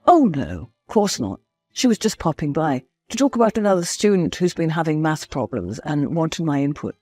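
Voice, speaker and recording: A flustered, evasive husband who stumbles over his words and turns defensive when questioned, as a woman narrator puts him on. His voice rises and falls widely in pitch, with soft music underneath. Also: very animated, moderate pace, breathy edge, no room sound, full character voice. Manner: stammering, defensive. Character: evasive nervous male husband, a teacher.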